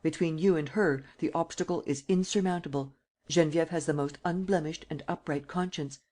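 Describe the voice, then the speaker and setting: A frightened old woman begging to be left in peace, her voice raised high and trembling with worry, as a male audiobook reader puts her on. She implores and scolds by turns in a storybook reading. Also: fairly even intonation, a little fast, a little mellow, natural voice. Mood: pleading. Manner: tearful, imploring. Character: anxious, pleading old woman guardian.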